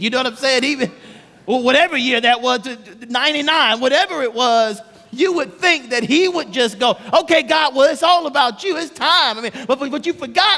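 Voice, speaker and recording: Animated high-voiced preacher in a hall. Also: male voice. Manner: animated, emphatic, acts out voices. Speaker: pastor. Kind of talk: sermon storytelling. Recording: long reverb of a large hall.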